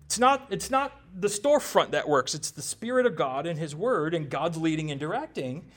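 A pastor from the United States preaching a sermon in a conversational style, with joking asides and frequent rhetorical questions to the congregation. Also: male voice, a little high, big pitch swings, moderate pace, fairly bright tone.

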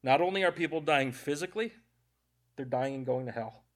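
A man's voice: medium pitch, brisk. A man preaching a conversational sermon, earnest and emotional, with self-deprecating asides. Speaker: pastor.

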